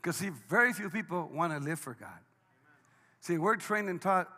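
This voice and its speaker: A high, bright-voiced man preaching a sermon. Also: expressive, moderate pace. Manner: dynamic preaching, swings between hushed and shouted. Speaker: pastor. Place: church sanctuary. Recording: long hall reverb.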